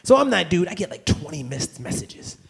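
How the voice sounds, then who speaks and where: A man doing a profane stand-up comedy rant, swinging between muttered asides and shouted outbursts. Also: high-pitched, very animated, a little fast, gravelly.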